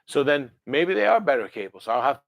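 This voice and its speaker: A man's voice: medium pitch, sing-song, a little fast, gravelly, no room sound, highs cut off. Brief: man, rambling livestream host, dry close mic. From New Jersey. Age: 50s. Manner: rambling and chatty, with many fillers and self-corrections. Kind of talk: casual livestream chat answering viewer comments.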